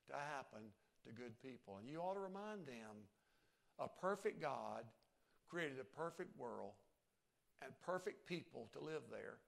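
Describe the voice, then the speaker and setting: Gravelly-voiced male preacher. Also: mid-range voice. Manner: emphatic, swings from soft to loud. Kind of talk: sermon.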